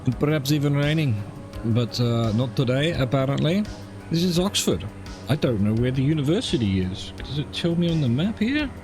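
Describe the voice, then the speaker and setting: A man's voice: medium pitch, big pitch swings, moderate pace, over music. Man musing wryly over a flight sim. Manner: musing aloud, wry asides. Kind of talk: casual gameplay commentary.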